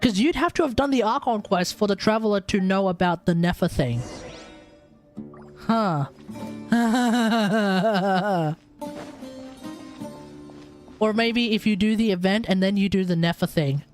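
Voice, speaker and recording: A man's voice: high-pitched, a little slow, pauses often, faint music behind. An Australian man streaming a game, chatting and joking in a casual, rambling way. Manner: chatty, joking, restarts often. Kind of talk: casual gameplay commentary.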